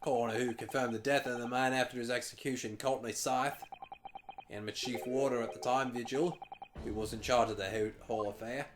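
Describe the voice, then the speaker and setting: A man's voice: medium pitch, fairly even intonation, brisk, background noise, natural voice. Man putting on a hearty Scottish prison governor. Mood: grave. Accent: put-on Scottish.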